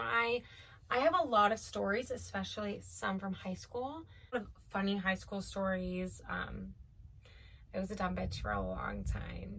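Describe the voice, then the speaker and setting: A young woman from Omaha tells a story to camera with a bright, fairly high voice. She speaks casually and swears freely. Her talk is full of "like" fillers. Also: vocal fry. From Omaha, United States. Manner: chatty and profane, with many "like" fillers. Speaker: vlogger.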